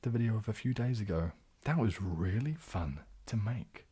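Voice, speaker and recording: A man with a New Zealand accent hosting an ASMR livestream, moving between whispers and soft speech, hesitant with many fillers. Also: fairly low pitch, lively intonation, moderate pace, slightly rough. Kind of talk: whispered, soft-spoken chat.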